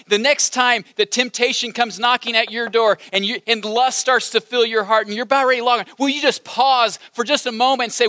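A male preacher with a strikingly high, bright voice delivers an animated sermon, repeating phrases and leading the room in call-and-response. The sound is close and dry. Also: normal speed, few pauses, no room sound. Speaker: campus ministry preacher. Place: large hall with balcony.

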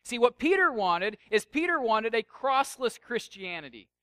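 A man preaching a sermon in a high, bright voice. He talks casually and jokes with the room, then drops soft and intense. The sound is dry and close. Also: very animated, moderate pace, no room sound. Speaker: pastor.

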